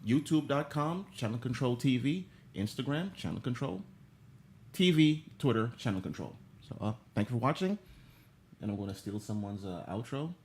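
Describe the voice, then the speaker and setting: A man hosting a casual talk show, teasing his co-hosts and rambling through the sign-off. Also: mid-range voice. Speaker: host. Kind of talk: casual podcast banter.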